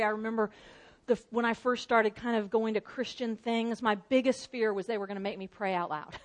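A woman preaching a sermon in a conversational, storytelling way, acting out excited shouts and call-and-response scenes. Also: a little high. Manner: animated storytelling with acted-out shouts. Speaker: pastor.

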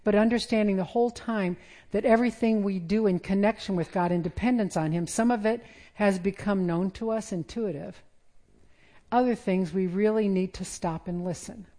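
Middle-aged woman preacher, warm low-key delivery, wry and conversational. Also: normal speed. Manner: conversational, self-deprecating humor. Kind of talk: sermon.

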